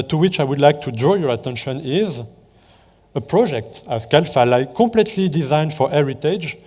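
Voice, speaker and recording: A man with a French accent giving a conference presentation and a live software demo, speaking hesitantly with many fillers and restarts. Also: medium pitch, big-room sound.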